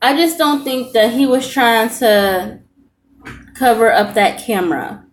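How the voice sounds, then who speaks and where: A woman's voice: on the high side, expressive, a little slow, a little hiss or hum. A young woman reacting to a video in casual, earnest commentary, repeating her points for emphasis.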